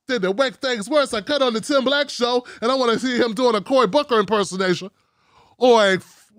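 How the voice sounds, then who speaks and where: A man's voice: very high-pitched, a bit bright, dry recording, clean studio sound, voice pushed up. A man voicing a petulant, bigoted male TV viewer, mocking him with exasperated, sarcastic complaints.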